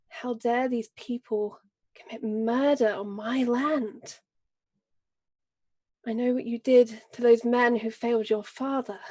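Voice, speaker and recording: Brief: woman voicing a fierce noble lady and mother, higher-pitched, grave and measured, tabletop role-play. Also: warm tone. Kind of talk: in-character role-play speech.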